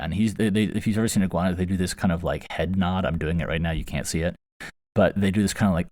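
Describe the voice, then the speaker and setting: Deep-voiced man telling a rambling story. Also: fairly quick, no room sound. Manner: rambling, amused, many fillers and restarts. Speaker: podcast host. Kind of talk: casual storytelling. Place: small foam-lined desktop recording box. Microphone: close studio mic inside the box. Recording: very dry, close booth sound.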